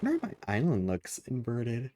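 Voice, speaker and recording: A man's voice: mid-range voice, wildly swooping pitch, moderate pace, background noise. A man streaming a game, playful and jokey as he chats with his viewers. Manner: playful and jokey, chatting with chat. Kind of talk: casual gameplay commentary. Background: game music.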